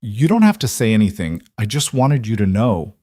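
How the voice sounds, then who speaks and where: A man's voice: on the low side, big pitch swings, moderate pace, mellow, no room sound. Regretful middle-aged mother, read by a man, strained, resolute, dry. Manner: strained, determined.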